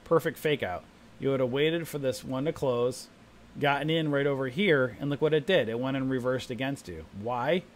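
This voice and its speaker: In a mid-range voice at a moderate pace, this live trading stream host runs through the charts and animatedly plays out the reactions of panicking new traders during his market commentary.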